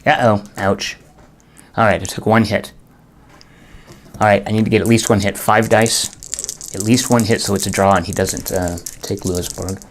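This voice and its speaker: Muttering half to himself, a man narrates each turn of a solo board game he's playing and groans whenever the dice turn on him. His fairly low voice stays steady at a moderate pace, he pauses often, and there's slight background noise.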